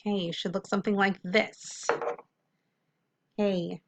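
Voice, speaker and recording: A woman's voice: medium pitch, steady tone, a little hiss or hum. Friendly woman teacher sounding out words. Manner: slow, drawn-out syllables when sounding out words; friendly, encouraging. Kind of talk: phonics lesson for children.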